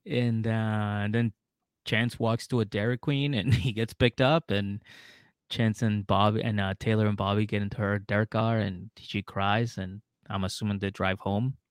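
A man co-hosting a comedy podcast, telling a story in casual chat. He acts out the people in it with loud, high outbursts and swears a lot. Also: normal speed, dry recording, clean studio sound. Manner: animated, acts out drunk characters in loud outbursts, heavy swearing. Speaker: podcast co-host.

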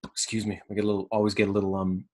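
A man hosting his own motivational podcast, talking casually and earnestly, rambling, pausing to search for words, and swearing freely. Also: on the low side, completely flat delivery. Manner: earnest and reflective. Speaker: podcast host. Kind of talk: motivational monologue.

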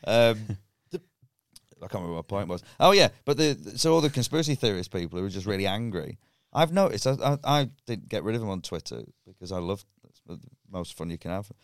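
A middle-aged man rants his way through a casual podcast chat, swearing freely and laughing at his own points. His voice sits low but leaps around with lively swings. The sound is dry and close. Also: quick pace, clean tone, no echo. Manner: sweary, ranting, laughs often. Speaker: comedian guest.

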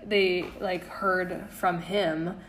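A woman's voice: fairly low pitch, flat delivery, drawn-out words, fairly bright tone. A young woman co-hosting a podcast, chatting casually and swearing freely as she tells stories about her new job. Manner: candid storytelling, swears freely. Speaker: podcast co-host. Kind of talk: casual chat. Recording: echoey room, faint noise.

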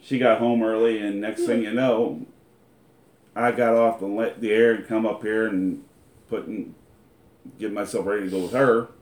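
Halting, low-voiced man telling a story. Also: roomy sound. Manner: halting, restarts, animated when quoting friends. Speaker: preacher and husband. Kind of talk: casual storytelling.

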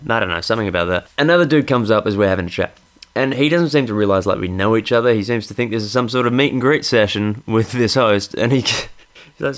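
A man's voice: lowish voice, steady tone, a little fast, clear, resonant tone. A young Australian man telling a comic story in a monologue, sweary, exasperated and laughing as he goes.

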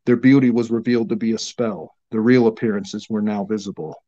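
Mellow low-voiced male storyteller. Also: steady tone, fairly quick, dull audio. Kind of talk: fantasy story narration.

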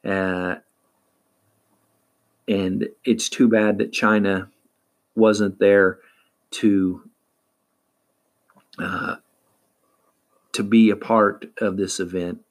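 A man hosting a wrestling recap, talking casually and haltingly with lots of fillers. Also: low-pitched, vocal fry. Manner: halting, many fillers and restarts. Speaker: wrestling podcast host.

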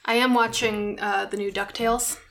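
A woman co-hosting a comedy podcast, chatting casually and explaining history with lively asides. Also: mid-range voice, moderate pace, gravelly. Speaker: podcast co-host.

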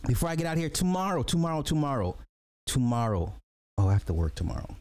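Casting note: man, podcast host, loose animated slangy commentary, frequent laughs, mid-pitched voice. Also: normal speed, long pauses. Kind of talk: casual livestream commentary.

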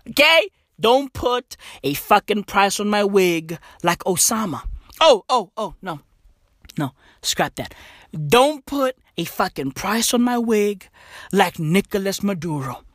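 A speaker delivering a profane, mocking comic rant, swinging between loud and soft. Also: mid-range voice, lively intonation, measured pace, dry recording, studio quality. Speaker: comedian.

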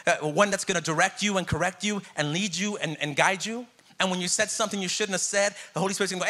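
Bright, high-voiced man preaching. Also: fast. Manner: conversational and jokey, calling out to the congregation. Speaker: pastor. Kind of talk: sermon.

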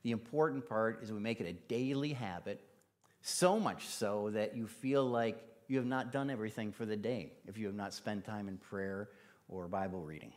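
A man's voice: fairly low pitch, moderate pace. A man preaching a casual, conversational sermon in church, using plenty of fillers. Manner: casual, chatty, with many fillers.

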